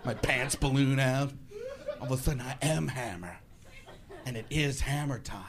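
A man doing a ranting, animated stand-up comedy set on a live stage. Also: medium pitch, normal speed, a crowd in the background. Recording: live club with audience noise.

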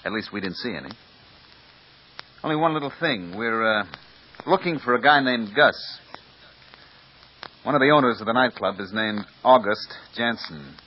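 An actor plays a brisk, clipped, matter-of-fact police lieutenant in a 1950s radio drama, his medium-pitched voice animated and lightly acted. He moves at a moderate pace with long pauses, and the dull lo-fi old radio recording carries a little hiss or hum.

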